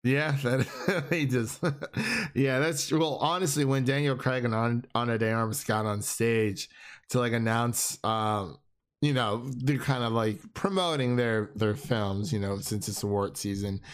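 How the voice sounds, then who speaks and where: A man's voice: medium pitch, a little slow. Laughing young man rambling about films. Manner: rambling, restarts often, laughs a lot. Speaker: film podcast co-host. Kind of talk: casual chat.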